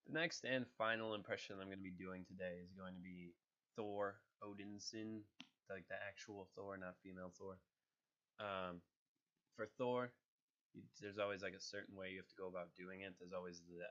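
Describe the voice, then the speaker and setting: A man's voice: low-pitched, flat delivery, a little fast, fairly bright tone, muffled recording. A man casually talking about his voice impressions, sounding nasal and sick, chatty and a little hesitant. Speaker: hobby voice actor. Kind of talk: casual talk to camera.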